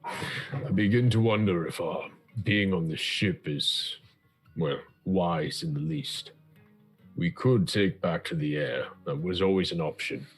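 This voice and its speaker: Deep husky man speaking formally. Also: soft background music. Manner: measured, formal in-character speech. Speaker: tabletop player. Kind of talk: in-character tabletop play.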